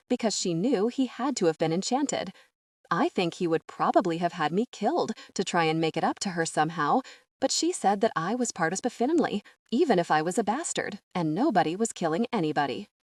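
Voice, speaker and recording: A woman's voice: fairly low pitch, no echo, clean studio sound. Woman reading as a tearful old fairy godmother. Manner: soft, apologetic, with a shaky voice. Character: tearful elderly fairy godmother, gentle and humble.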